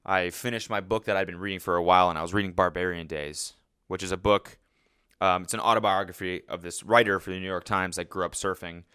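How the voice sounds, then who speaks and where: A man in his twenties hosting a podcast alone, telling a story in a casual, profane, self-mocking way with lively animation. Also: sits low, fast talker, smooth. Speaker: podcast host. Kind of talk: casual solo monologue.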